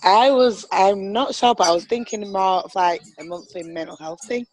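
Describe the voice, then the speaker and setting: A woman joining a team call as a guest, speaking hesitantly and softly. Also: medium pitch, moderate pace, rough recording.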